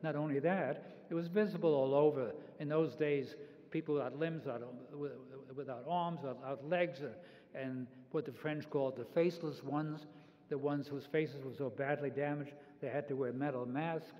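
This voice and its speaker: An elderly man in his eighties, his voice sitting a touch higher than most, gives personal testimony in a halting way, stumbling and restarting as he goes. He speaks from a large hall with a long echo and a slightly muffled sound. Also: fairly even intonation. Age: 80s. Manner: halting, with frequent restarts and repeated words. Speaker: Holocaust survivor speaker. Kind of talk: public talk, personal testimony.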